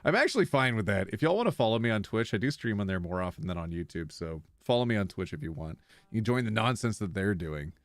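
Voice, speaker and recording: A man's voice: fairly low pitch, big pitch swings, quick pace, dry recording, clean studio sound. A man streaming live, reading online posts aloud in a casual, giggly way and stumbling over words as he reacts.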